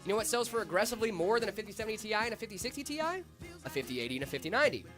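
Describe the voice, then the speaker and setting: Young male stream host, voice slightly off from illness, animated, chatty, rambling. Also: high voice, rapid-fire, over music. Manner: chatty, rambling with fillers and asides to chat. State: voice slightly off after being sick. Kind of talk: casual livestream tech chat.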